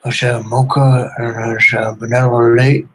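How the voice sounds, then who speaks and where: A man voicing Moja, a confused caller who talks in halting, broken English and is hard to understand on a prank phone call. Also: medium pitch, flat delivery, fairly bright tone, a little hiss or hum, voice pushed up, natural voice.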